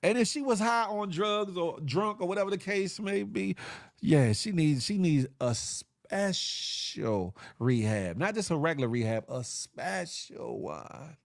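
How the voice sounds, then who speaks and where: A man hosts a live online show and riffs with his viewers in a loose, joking way, with slang and playful sound effects. His voice sits a little high for a man. The sound is close and dry, with no room echo. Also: lively intonation, measured pace, creaky. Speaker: livestream show host. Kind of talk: casual live chat reacting to viewers.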